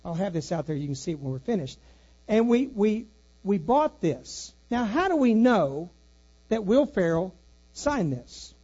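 A man's voice: high voice, big pitch swings, a little slow, mellow, dull audio. A man preaching as a pastor, telling a personal story and asking the congregation questions in a folksy way. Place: church sanctuary.

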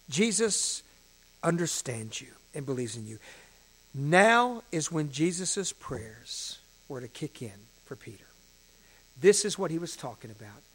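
A male pastor preaching a sermon, shifting between hushed emphasis and louder passages. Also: on the high side.

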